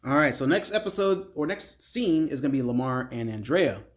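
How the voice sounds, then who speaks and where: A man's voice: medium pitch, expressive, normal speed, a little hiss or hum. A man casually recapping a reality show episode, chatting straight to his viewers. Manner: chatty, conversational, addresses viewers as guys.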